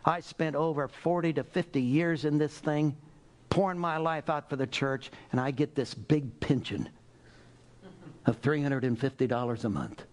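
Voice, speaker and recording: An older male preacher delivers a fervent sermon in a high-pitched voice. He drops to near-whispers, then climbs back into loud, pleading prayer. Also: normal speed. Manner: fervent, swinging from hushed murmurs to loud pleas.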